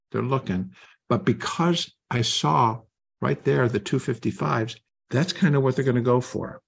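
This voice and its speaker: A man's voice: fairly low pitch, breathy edge. An older man teaching trading, talking live and acting out inner voices. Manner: animated, acts out inner voices. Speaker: trading educator.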